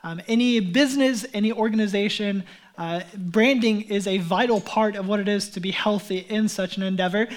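A male pastor giving a conversational sermon, talking in a relaxed, chatty way with frequent fillers and restarts, and calling his listeners beloved. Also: high-pitched, a little fast. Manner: addresses the congregation as beloved.

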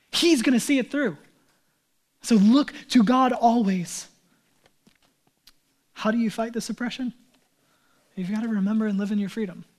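A male pastor preaching a sermon in a conversational way, swinging between loud emphatic lines and hushed, near-whispered ones. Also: sits high.

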